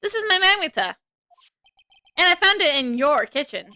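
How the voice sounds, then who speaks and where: A woman streamer reading a game aloud in an earnest, quick way with frequent self-corrections. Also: high voice, sing-song, sharp tone, no room sound.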